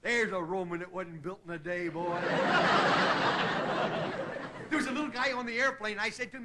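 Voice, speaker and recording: A man's voice: sits high, fast, hardly any pauses, very noisy. A middle-aged man hosting a TV variety show, delivering a stand-up monologue and chuckling at his own jokes before a live studio audience. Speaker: comedian host. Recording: 1960s TV broadcast, loud audience laughter. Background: audience laughing.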